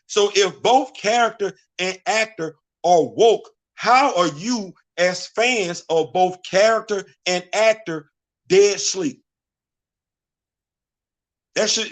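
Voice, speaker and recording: A man's voice: high-pitched, fairly bright tone. A man hosting his own vlog, giving casual opinion commentary full of emphatic repetition and rhetorical questions. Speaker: vlog host.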